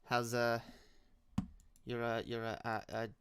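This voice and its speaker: A man's voice: mid-range voice, monotone, unhurried, a bit bright, slight background noise. A young man hosting a live stream with call-ins, chatting casually with loose slang, swearing and many restarts.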